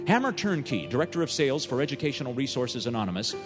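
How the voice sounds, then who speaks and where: Man, deadpan storyteller, animated pitch, echoey hall, faint music. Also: quick pace, hardly any pauses. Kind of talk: dry humorous storytelling.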